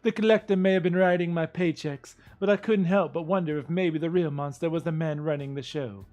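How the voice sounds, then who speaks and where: A man's voice: on the high side, fairly quick, darkish tone, pitched above the performer's own voice, lightly acted. A man doing a wry Cockney monster huntress. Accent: put-on Cockney British. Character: tough sardonic adult woman monster hunter. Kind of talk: reading game lore aloud in character.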